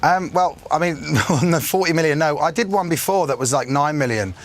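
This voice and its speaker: A man's voice: fairly high pitch, normal speed. A man being interviewed on a breakfast TV show, playfully laughing and switching between comic accents. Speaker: guest accent impressionist.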